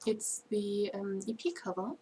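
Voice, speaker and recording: A woman's voice: medium pitch, little pitch movement, a little slow, warm tone, slight background noise. Chatty German-accented woman. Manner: chatty, laughs often, many fillers. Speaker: band member co-hosting a livestream. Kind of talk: casual livestream chat.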